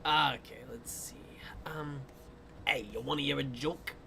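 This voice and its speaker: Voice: medium pitch, measured pace, gravelly, a bit bright, slight background noise. An artist chatting casually on a livestream while drawing requests, rambling with lots of fillers, playful and self-mocking, often dissolving into giggles. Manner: rambling with many fillers, breaks into giggling fits.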